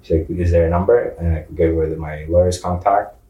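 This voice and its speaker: Deep-voiced guy telling his story, lots of "like" and "you know", sounds far off in an echoey room. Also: steady tone, brisk, dark tone, highs cut off, faint music behind. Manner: casual, full of fillers, acts out dialogue. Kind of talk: casual storytelling. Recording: roomy, distant mic.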